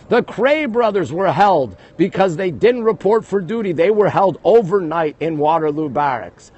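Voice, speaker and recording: A man's voice: high voice, animated, normal speed, hardly any pauses, a little mellow, husky, dull audio. A man giving a walking live-stream tour outdoors at a historic castle, talking into a handheld phone and breaking off his facts again and again to greet viewers. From Canada. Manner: chatty, greets viewers constantly between facts. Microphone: phone held while walking.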